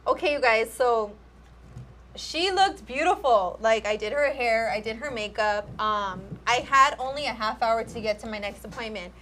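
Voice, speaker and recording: Chatty woman telling a story, higher voice. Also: moderate pace. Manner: chatty, animated, peppers speech with "like", acts out dialogue. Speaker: host and makeup artist. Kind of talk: casual live-stream chat, storytelling.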